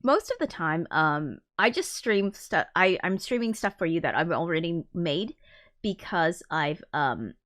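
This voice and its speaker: A woman's voice: fairly low pitch, big pitch swings, measured pace, a bit bright. A woman musician chatting casually to viewers on her live stream, rambling with lots of fillers and swearing and reading out viewer comments. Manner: reads viewer comments aloud.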